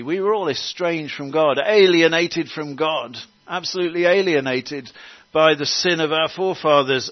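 A man preaching a sermon in an earnest way, pausing with fillers and restarting phrases. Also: on the high side, dry recording, dull audio.

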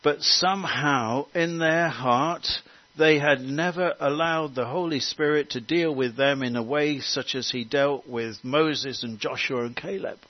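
A man preaching a sermon in an earnest way, pausing with fillers and restarting phrases. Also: fairly high pitch, no room sound, muffled recording.

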